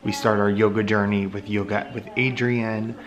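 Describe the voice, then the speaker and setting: A young man chatting casually in a home vlog, relaxed and quietly upbeat. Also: on the low side, normal speed, highs cut off. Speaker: vlogger.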